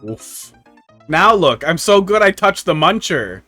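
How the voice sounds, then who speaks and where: Male game streamer, slightly high voice, wry rambling storyteller, light background music. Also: very animated, a little slow, bright, forceful tone. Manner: rambling, profane, wry tech anecdotes. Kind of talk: casual live-stream chat. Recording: faint music underneath.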